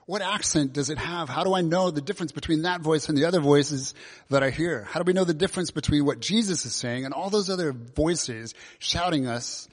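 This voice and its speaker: A man gives a sermon in a relaxed, conversational manner. He leans on questions to the congregation, and his voice carries a long reverb from the large hall around him. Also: medium pitch. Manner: conversational, asks many questions. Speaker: preacher.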